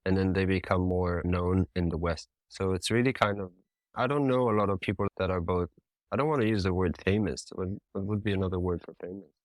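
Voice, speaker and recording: A man's voice: low-pitched, dry recording. A man talking in a casual interview as a ceramic artist, thoughtful and searching for words. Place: living in Japan.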